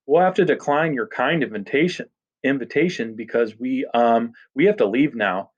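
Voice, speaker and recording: A man's voice: mid-range voice, expressive, moderate pace, natural voice. A man voicing a small, clever, frightened boy who speaks in an overly formal way. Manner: formal, nervous. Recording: dull lo-fi recording.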